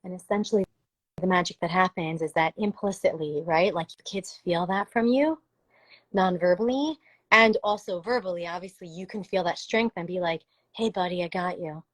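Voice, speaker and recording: A woman's voice: lowish voice, normal speed, no room sound, poor audio. A woman talking earnestly and reflectively about supporting parents, in a casual live conversation with many "like" fillers. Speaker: parenting and trauma support speaker.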